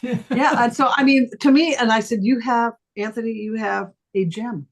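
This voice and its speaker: Gravelly, husky woman telling an animated story. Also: normal speed. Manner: animated, acts out quoted voices with big pitch jumps. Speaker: voice teacher. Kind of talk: casual storytelling on a talk stream.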